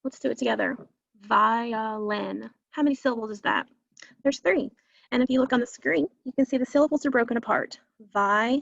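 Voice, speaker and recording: Woman teacher, online phonics lesson, slightly high voice, gravelly edge, dull computer-mic sound. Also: no echo. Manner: slow, patient, drawn-out words. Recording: dull, lo-fi and dry.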